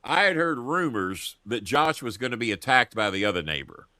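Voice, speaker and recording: Guy hosting his own show, swears a lot, voice jumps all over, bright and dry sounding. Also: medium pitch, moderate pace, no room sound. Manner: profane, animated storytelling. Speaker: show host. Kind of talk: casual political chat. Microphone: earpiece headset.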